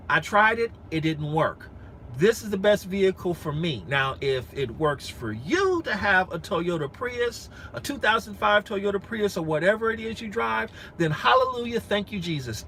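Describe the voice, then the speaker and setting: A man's voice: high-pitched, bright, forceful tone, slight background noise, poor audio. A man in his forties chatting frankly and earnestly with live-stream viewers from inside a rented SUV, repeating himself and restarting often. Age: 40s. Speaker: rideshare driver vlogger.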